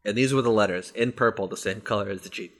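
A man's voice: on the low side, fast. A man in casual podcast chat, telling stories with energy and swearing freely. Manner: animated storyteller, swears freely.

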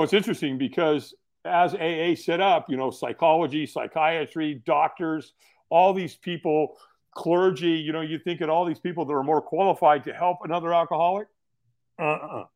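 Middle-aged guy, folksy, earnest, voice sits a bit high. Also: a little mellow. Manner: earnest, folksy, repeats words when starting sentences. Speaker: podcast guest. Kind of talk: casual storytelling.

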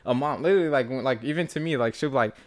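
A man's voice: medium pitch, racing. A young man guesting on a podcast, talking in a laid-back, rambling way with lots of fillers and restarts. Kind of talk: casual chat.

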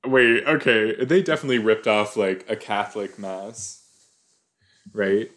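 A podcast host with a fairly low, slightly bright voice talks a little slowly and with fairly even intonation into a corded desk microphone. He rambles, jokes, and thinks aloud while giving casual rewatch commentary.

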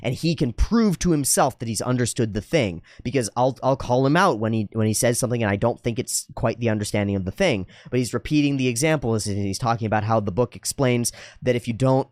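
A man's voice: mid-range voice, brisk, hardly any pauses, no echo. A man in a casual, reflective monologue, acting out each side of a conversation in different voices. His voice sits in a middle register, and he swears offhandedly. The sound is close and dry. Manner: animated storyteller, acts out dialogue in voices. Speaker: podcast host.

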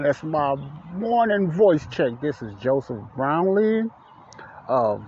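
A man's voice: a little high, sing-song, takes it slowly. Chicago man podcasting outdoors on a phone. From Chicago, USA. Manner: rambling, repetitive, informal. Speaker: podcast host. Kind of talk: casual Christian talk podcast. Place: outdoors in the wind. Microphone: smartphone held close. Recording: dull lo-fi phone audio with loud wind.

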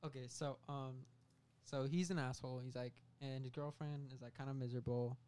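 A young man co-hosting a casual comedy podcast, telling a made-up film plot with lots of fillers and quick bursts of silly voices. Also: medium pitch, fairly even intonation, a little mellow, smooth. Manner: rambling storytelling with many fillers and quick bursts of put-on voices. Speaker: podcast co-host pitching a film idea.

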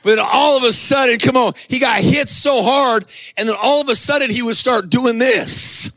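A middle-aged man preaching with a high, bright, forceful voice and a gravelly edge. He tells stories with animation and shouts at the peaks, and the sound is dry and close. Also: normal speed, dry recording. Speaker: pastor. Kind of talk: sermon.

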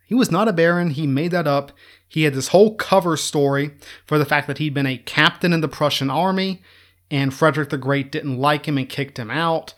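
A man's voice: a little high, brisk, fairly bright tone. Chatty, wry male history lecturer. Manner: chatty, sarcastic, laughs at his own jokes.

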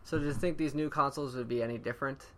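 Casual co-host steering the talk. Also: male voice, mid-range voice, steady tone, very fast. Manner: enthusiastic, steers the conversation. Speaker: podcast co-host. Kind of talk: casual chat.

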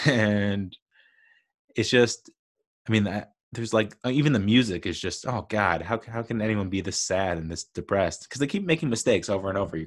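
A man's voice: on the low side, animated, normal speed. A man giving a casual, rambling movie review, chatty with frequent laughs and fillers. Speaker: film reviewer.

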